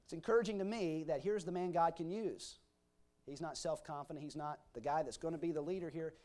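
A preacher with a voice on the higher side for a man delivers a verse-by-verse sermon. He reads old scripture aloud and then explains it in a homely, folksy way, full of everyday comparisons. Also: fairly quick, warm tone. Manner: reads scripture aloud in King James wording. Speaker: pastor. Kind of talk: expository sermon.

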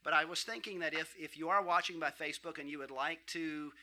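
A man giving friendly church announcements, wandering and restarting his sentences as he goes. His voice is bright and rather high, with a crisp edge. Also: a little fast. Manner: friendly, rambling, many restarts. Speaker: church leader making announcements.

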